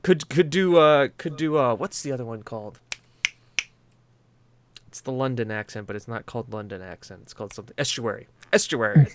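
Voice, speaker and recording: American dude on a gaming podcast, laughs a lot, swears, rambly stories, normal mid voice. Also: male voice, mid-range voice, fairly quick, long pauses, slight background noise. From United States. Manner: swears freely, laughs often, animated storytelling. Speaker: podcast co-host. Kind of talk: casual chat.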